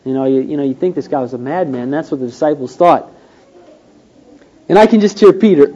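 A man's voice: sits high, animated, a little fast, dark tone. A man preaching a sermon, telling a story and acting out the quotes with rising and falling emphasis. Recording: dull lo-fi recording.

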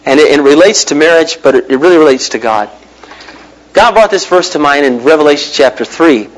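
Male pastor with a high voice, an animated storyteller in the pulpit. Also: fairly quick, poor audio. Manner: animated storyteller, big pitch swings, mimics voices. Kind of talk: sermon with personal stories.

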